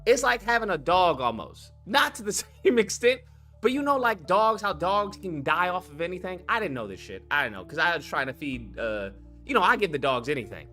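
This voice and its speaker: Excitable, profane young man, bright voice. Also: sits high, brisk, soft background music. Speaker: streamer host. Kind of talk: casual chat to viewers.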